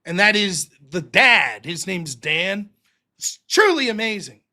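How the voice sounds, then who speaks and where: A man's voice: high voice, sing-song, unhurried, sharp tone. A man hosting a livestream, talking casually in a rambling, profane, jokey way. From United States. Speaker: livestream host.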